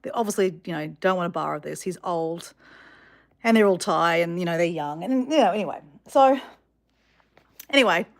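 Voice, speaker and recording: A woman telling a story to her viewers in a chatty, animated way with many fillers. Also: on the low side, normal speed, long pauses. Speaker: vlogger.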